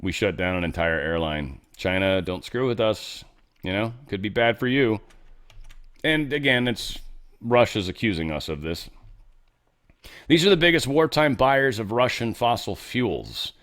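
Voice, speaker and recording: A man's voice: lowish voice, lively intonation, measured pace, fairly bright tone. A man hosting a casual news commentary show, reading headlines with sarcastic, offhand asides. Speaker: host.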